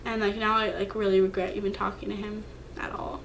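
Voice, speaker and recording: A young woman telling a storytime vlog, emphatic and upset, swearing freely and jumping up in pitch as she acts out a text exchange. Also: flat delivery, fairly quick, creaky, fairly bright tone, slight background noise. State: upset, hurt. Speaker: vlogger.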